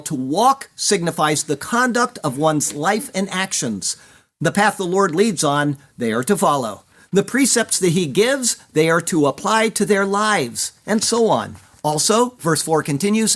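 A man giving scripted Bible commentary in an earnest, measured way, stressing key words. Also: on the high side, lively intonation, a bit bright. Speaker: preacher.

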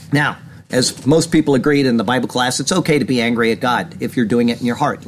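Earnest man preaching, faint noise. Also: quick pace. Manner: earnest, rising in pitch when indignant. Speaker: pastor. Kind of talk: sermon commentary reading news. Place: small church. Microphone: camera.

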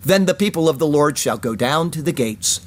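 A man preaching a verse-by-verse sermon, explaining words and reading Hebrew aloud slowly. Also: on the high side, animated. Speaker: pastor.

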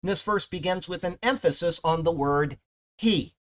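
Bible teacher, male, slightly high voice, emphatic and chatty. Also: moderate pace. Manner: emphatic, conversational, often checks in with "okay?".

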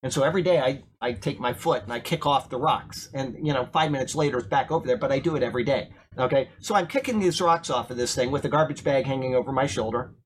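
Man, pastor, informal sermon, storytelling, questions to the room, stammers when excited. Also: medium pitch, fast talker, a little hiss or hum. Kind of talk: informal sermon to a small congregation.

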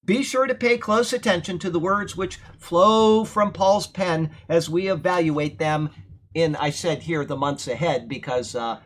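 A man's voice: on the high side, a little slow. Man teaching a Bible class. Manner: conversational, often asks "okay?"; swells to emphatic, indignant passages. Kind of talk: sermon-style Bible class. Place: church room during a thunderstorm.

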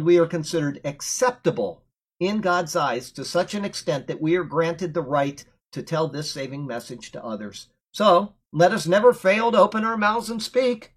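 A man's voice: fairly high pitch, slightly rough. A man teaching through a Bible verse, earnest and emphatic, reading a commentary aloud and breaking off for plain asides.

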